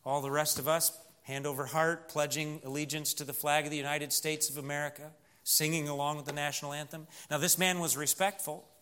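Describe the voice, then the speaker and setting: A man with a Southern US accent preaching a sermon, earnest, moving from loud emphasis to hushed storytelling. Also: a little high, little pitch movement, a little fast, smooth. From Missouri.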